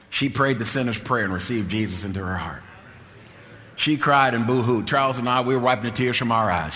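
A man's voice: medium pitch, bright, forceful tone. A man pastor telling a testimony in a sermon, repeating phrases and acting out the dialogue of the people in his story. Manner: repetitive, acts out quoted dialogue. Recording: long hall reverb.

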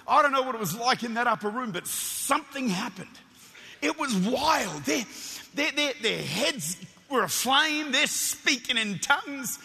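An Australian man preaches with a very high, sharp, piercing voice, tumbling into excited stammers as he tells his stories. His sermon rings out through a church with a long, echoing hall reverb. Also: normal speed, husky. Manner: energetic, animated storytelling with stammered restarts.

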